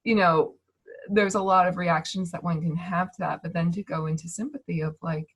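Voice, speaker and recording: Woman teacher, casual talk, soft breathy tone, halting and gentle with restarts, video-call sound. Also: fairly low pitch, steady tone. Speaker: speaker on emotions and manifestation. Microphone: video call mic.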